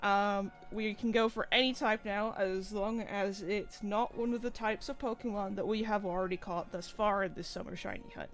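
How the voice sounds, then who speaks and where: A man's voice: sits high, fairly even intonation, normal speed, few pauses, fairly bright tone, soft background music. A man co-hosting a game stream, talking in a rambling, easygoing way full of fillers. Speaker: co-host streamer. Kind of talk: casual gameplay chat.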